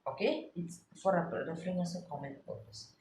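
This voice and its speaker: A woman's voice: on the low side, fairly quick, darkish tone, a little hiss or hum. A woman tutor explaining a classic play in a chatty way, repeating and paraphrasing lines as she goes. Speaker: literature tutor. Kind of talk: explaining a play with read-aloud passages. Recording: echoey room.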